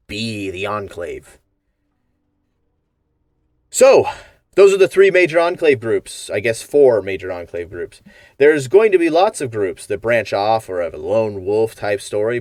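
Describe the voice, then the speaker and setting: A man with a fairly low voice narrates a video essay on game lore. He is wry and tosses in jokes as he talks. The recording is dry, with no room echo. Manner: wry, jokey.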